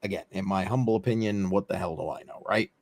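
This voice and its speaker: A man's voice: low voice, fairly even intonation, fast, darkish tone, dry recording. Rambling man hosting a crypto chat. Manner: rambling and offhand, many fillers. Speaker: host of a crypto news livestream. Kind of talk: casual talk-show chat.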